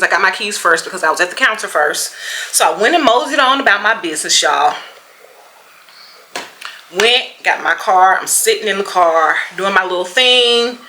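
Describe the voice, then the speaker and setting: Southern woman vlogger, bright forceful voice, lively storyteller. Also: mid-range voice, a little hiss or hum, rough recording. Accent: Southern American. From Mississippi, USA. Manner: animated storyteller, acts out quotes, laughs often. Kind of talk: storytime vlog.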